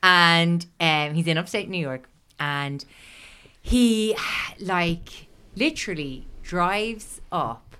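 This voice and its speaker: This is a woman with a bright, forceful tone who sits a little low in pitch. She tells a story to her friends in loose podcast chat. She swears freely and fills her talk with little asides. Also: drawn-out words, smooth. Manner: chatty and swearing, with frequent laughs and fillers. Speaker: podcast host telling the story.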